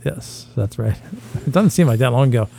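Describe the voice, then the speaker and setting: A man's voice: medium pitch, lively intonation, moderate pace, gravelly, mellow, soft background music. A man in his fifties telling rambling, profane stories in casual podcast chat, slipping into impressions. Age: 50s. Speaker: podcast co-host.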